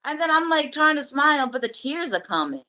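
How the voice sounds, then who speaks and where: Live host, female: bright, hard-edged voice, swears freely, candid halting storytelling. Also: high voice, big pitch swings, poor audio. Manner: blunt and profane; emotional, halting confession. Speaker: livestream host.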